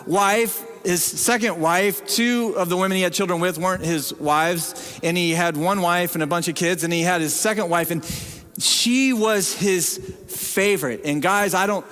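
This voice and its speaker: A man's voice: high-pitched, measured pace, a bit bright, clear, resonant tone. A man preaching a sermon as pastor, telling stories with humor at his own expense. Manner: humorous, self-deprecating storytelling. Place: church sanctuary. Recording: long reverb in a church hall.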